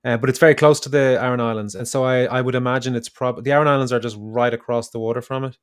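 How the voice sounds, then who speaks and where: Smooth-voiced Irish man chatting casually. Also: mid-range voice, fairly even intonation, fast. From Ireland. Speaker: podcast co-host. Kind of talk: casual chat.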